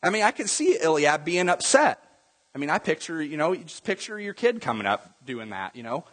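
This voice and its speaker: A man's voice: on the high side, very animated, fairly quick, fairly bright tone, long reverb tail. A man preaching a sermon as pastor, talking conversationally and acting out Bible scenes in different voices.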